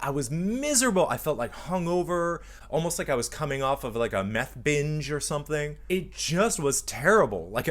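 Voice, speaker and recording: Campy, animated man in his forties. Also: medium pitch. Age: 40s. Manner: animated, campy, acts out little scenes. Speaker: vlog host. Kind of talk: comedic monologue to camera.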